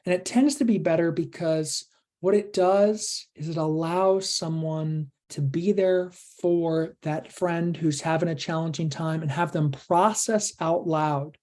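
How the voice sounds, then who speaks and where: Low, mellow woman coaching a workshop. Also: steady tone, slow pace. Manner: earnest, coaching, uses rhetorical questions. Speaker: workshop presenter. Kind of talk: online workshop teaching.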